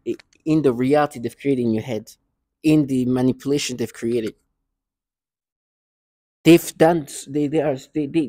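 A man's voice: medium pitch, darkish tone, no echo, studio quality. A man ranting in a vlog monologue, agitated and scornful, repeating himself often. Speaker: vlogger.

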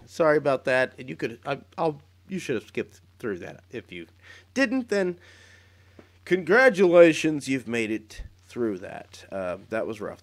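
A man playing a game for his channel, chatting casually with rambling, self-deprecating jokes. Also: mid-range voice. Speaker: gaming YouTuber.

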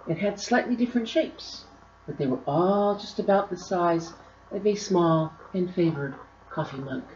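A woman, the author, reading her own storybook aloud with expressive, drawn-out emphasis. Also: deep voice, a little hiss or hum. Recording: roomy, slightly dull recording.

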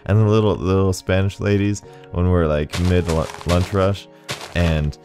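A man's voice: low voice, level tone, normal speed. A man hosting a gaming video, chatting casually and rambling, laughing often as he plays. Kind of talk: casual gameplay commentary. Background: faint game music.

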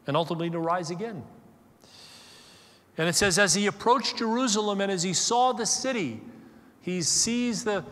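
A man preaching a sermon, moving from loud, emphatic stresses to soft, hushed passages. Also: high voice, big-room sound. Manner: slow deliberate stresses on key words. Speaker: pastor. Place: church.

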